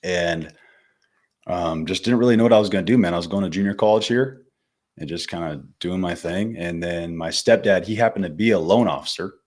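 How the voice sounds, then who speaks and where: A man's voice: low-pitched, fairly quick, darkish tone. A man in his twenties from California, a podcast guest telling stories in a laid-back, slangy way, calling the host man and bro. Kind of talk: casual storytelling interview.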